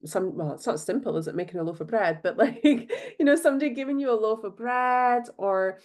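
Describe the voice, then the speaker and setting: A woman's voice: on the high side, animated, brisk. Bubbly Scottish woman podcaster. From Scotland. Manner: bubbly, chatty, lots of fillers. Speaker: podcast host. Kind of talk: casual solo podcast talk.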